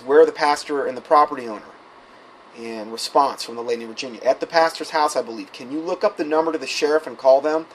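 Male preacher, mid pitch, reads quoted messages with frequent asides, faint noise behind. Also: rough recording. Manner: reads quoted texts aloud with asides, many fillers. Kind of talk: sermon-style recounting.

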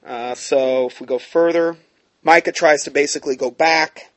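Bible teacher guy reading verses then chatting about them, kinda high voice. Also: fairly even intonation, moderate pace. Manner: conversational, checks in with listeners. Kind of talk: scripture reading with commentary.

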